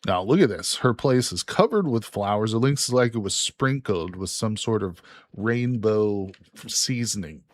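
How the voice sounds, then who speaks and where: Laid-back husky-voiced male streamer. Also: lowish voice, lively intonation, a little slow, no echo. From Illinois, USA. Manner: laid-back, joking asides. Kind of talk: casual live-stream commentary.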